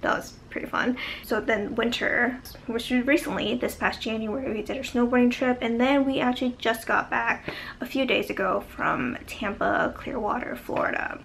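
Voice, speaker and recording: A woman's voice: fairly high pitch, normal speed, vocal fry, a bit bright, slight background noise. A young woman vlogging a casual life update, a bit short of breath and chatty, with lots of fillers.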